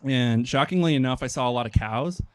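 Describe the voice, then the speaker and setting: A young man from Nebraska doing a stand-up comedy set, deadpan and hesitant, with many pauses and ums. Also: medium pitch, smooth, dry recording. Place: outdoor park stage.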